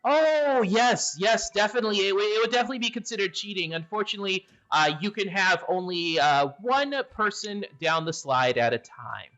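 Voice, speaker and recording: Guy doing a fussy little gargoyle, high and bright, bouncy pitch, sorry about everything. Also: lively intonation, a little fast, few pauses. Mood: fussy polite. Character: chatty polite male gargoyle guarding magic slides. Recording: dull lo-fi audio.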